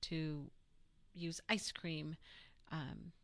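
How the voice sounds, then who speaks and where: A woman's voice: low voice, fairly even intonation, very slow. A woman co-hosting a radio show in casual, upbeat chat. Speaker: radio co-host.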